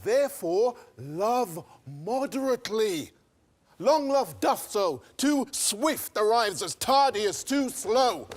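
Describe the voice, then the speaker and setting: An actor on stage playing a grave friar giving solemn, cautioning counsel in verse. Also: male voice, sits high, very animated, takes it slowly, exaggerated voice. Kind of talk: theatrical stage acting.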